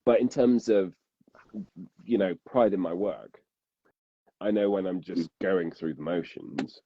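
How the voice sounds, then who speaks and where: A man's voice: sits low, a little slow, husky, dry recording, highs cut off. A man, a narrator and podcast guest, talking casually and rambling, restarting sentences and laughing often.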